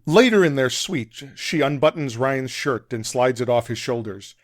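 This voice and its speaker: A man reads from his own novel in a steady, measured way, his voice at an ordinary middle pitch. The sound is close to the mic and dry, with no room echo. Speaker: author and guest. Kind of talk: reading his novel aloud.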